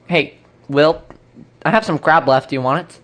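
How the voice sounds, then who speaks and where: A woman casually acting out a play with toy bird figures, in a playful, lively manner. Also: low voice, moderate pace.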